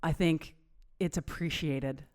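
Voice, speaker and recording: A woman co-hosting a casual podcast, walking through research points and affirming her partner with quick yeps. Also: low voice, steady tone, a little mellow. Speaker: podcast co-host.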